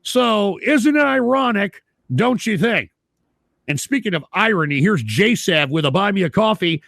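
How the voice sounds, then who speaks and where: A man with a high, gravelly voice hosts a live stream in blunt, profane talk. He repeats himself and climbs into shouts when worked up. The sound is close and dry. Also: expressive, normal speed, no echo. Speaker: livestream host.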